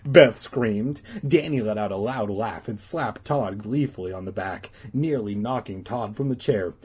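A man's voice: fairly low pitch, measured pace, darkish tone, breathy edge. A man casually reading a children's book aloud, irreverent, stumbling and correcting himself. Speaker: reader.

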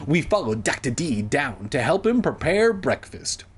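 A man reads a children's story aloud and drops sarcastic asides between the lines. His voice is slightly husky and a touch high. His pitch moves in a lively way. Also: a little slow. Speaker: narrator. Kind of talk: mocking story reading.

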